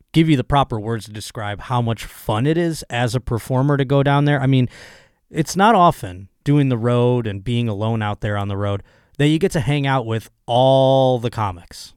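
Hoarse man rambling on his podcast. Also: mid-range voice, no echo, clean studio sound. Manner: rambling, profane, excitable. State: hoarse, voice still recovering. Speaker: comedian podcast host. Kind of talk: casual solo podcast monologue.

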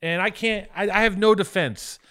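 A man's voice: sits high, moderate pace, sharp tone, slight background noise. A man co-hosting a casual podcast, profane and self-mocking, breathing and snorting audibly through his nose on a cheap mic. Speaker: podcast co-host. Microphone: cheap lav and phone mic.

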